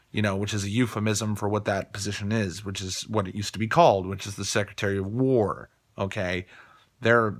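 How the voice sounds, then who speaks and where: Guy from colorado ranting hard, low-ish voice, pushy edgy tone, cusses a lot. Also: sharp tone. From Colorado, USA. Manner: heated, swearing, repeats phrases for emphasis. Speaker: political commentator. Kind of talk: profane opinion rant.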